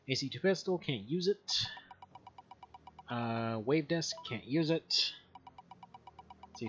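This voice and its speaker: A gaming streamer with a medium-pitched, slightly bright voice plays a game from home, heard through a slightly muffled mic. He rambles and chats casually about the gameplay, laughing often.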